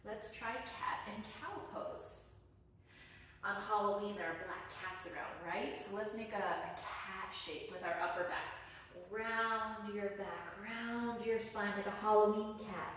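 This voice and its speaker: A woman teaching a children's yoga class, giving gentle, encouraging and playful instructions. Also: medium pitch, a little slow. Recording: very echoey room, voice from a distance, faint noise.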